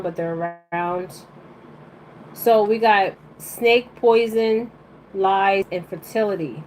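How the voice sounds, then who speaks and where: Woman, oracle card reader, live stream, rambling, blunt casual slang, mid-pitched voice. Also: slight background noise, rough recording. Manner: rambling, checks in with frequent "okay?".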